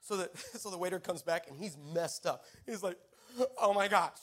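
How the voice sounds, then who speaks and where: Brief: high-pitched male pastor, animated storytelling sermon. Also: brisk, breathy edge. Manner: animated storyteller, laughing, acting out quotes.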